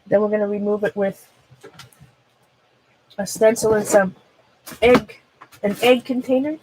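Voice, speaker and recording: A woman's voice: mid-range voice, fairly even intonation, noisy background. A woman with a Minnesota accent hosting an art livestream, chatting casually with viewers while she works, rambling and breaking off mid-thought with frequent laughs. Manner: chatty, rambling, self-interrupting, quick to laugh. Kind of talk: casual livestream chat while demonstrating a craft.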